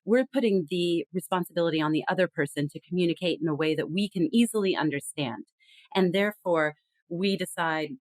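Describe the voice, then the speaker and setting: Brisk and fairly low-pitched, this female communication consultant is interviewed on a podcast in a conversational style. She speaks earnestly and demonstrates sample phrases as she explains. The recording is dry.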